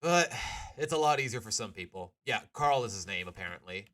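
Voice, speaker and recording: A man's voice: lowish voice, lively intonation, fairly quick, fairly bright tone. A man streaming a casual comic reaction, exasperated and incredulous, firing off questions.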